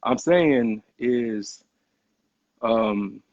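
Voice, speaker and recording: A young man in casual conversation, earnest and halting, stumbling over his first words. His voice has a gravelly edge, close and dry, on slightly muffled podcast audio. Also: mid-range voice, a little mellow, no room sound. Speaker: podcast host.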